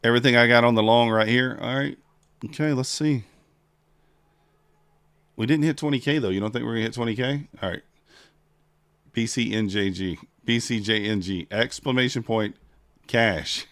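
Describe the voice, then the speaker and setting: A man's voice: medium pitch, moderate pace, pauses often, fairly bright tone, clean tone, no room sound. A man hosting a casual trading livestream, chatting with viewers and counting down a giveaway.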